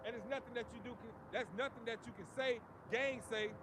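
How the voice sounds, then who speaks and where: A man with a high voice preaches on the street, driving each point home in an emphatic, preachy cadence. He keeps tagging lines with "man" and "you see". Clear outdoor street noise runs behind him. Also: fairly even intonation, fairly quick.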